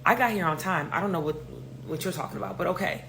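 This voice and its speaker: A young New York woman with a local accent tells a story casually and with lots of animation, cursing freely and performing the other characters' voices. Her voice sits on the low side and moves fast, with slight background noise.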